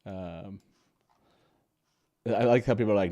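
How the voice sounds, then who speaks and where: A man's voice: sits low, moderate pace, pauses often, warm tone. A young man hosting a live stream, chatting casually with lots of fillers and frequent laughter. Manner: upbeat, laughs often, many fillers. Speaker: podcast host.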